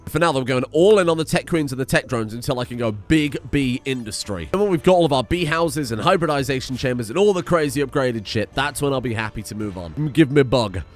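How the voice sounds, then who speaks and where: A young man giving excitable, chatty let's play commentary and swearing freely. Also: mid-range voice. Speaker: gaming streamer.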